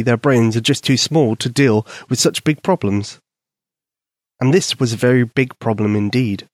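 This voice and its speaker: A man narrates a children's bedtime story in a gentle, expressive way. His voice sits in a middle register, and his pitch rises and falls in a lively, animated way. The recording is close and dry, with no room around it. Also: no room sound.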